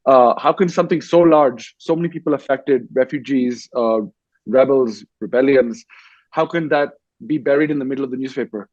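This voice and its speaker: A man's voice: mid-range voice, normal speed, darkish tone, no room sound, lo-fi sound. A man who grew up in Dubai, an author and war correspondent, telling his story on a festival panel with frequent restarts. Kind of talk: panel discussion.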